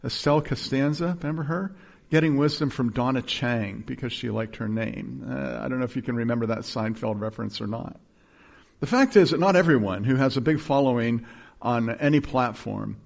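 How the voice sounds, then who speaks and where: A man's voice: mid-range voice, gravelly. A man pastor giving a conversational sermon, often putting questions to the congregation.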